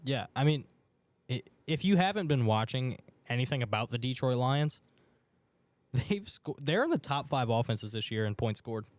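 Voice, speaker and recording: A man co-hosting a sports betting podcast in a radio studio, chatting casually and excitably. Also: medium pitch, normal speed, no room sound. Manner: excitable, chatty, loud outbursts for his team. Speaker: podcast co-host. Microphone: studio mic.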